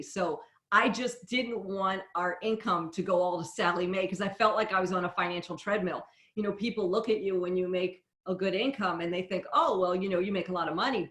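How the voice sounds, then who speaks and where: Brief: female interviewer, candid and chatty, mid pitch, roomy echo on the sound. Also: fairly bright tone. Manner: chatty, candid storyteller with frequent laughs. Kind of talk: conversational interview.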